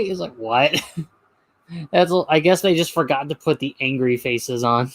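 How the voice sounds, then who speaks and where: A man's voice: on the high side, measured pace. A man giving chatty, rambling casual commentary over a video.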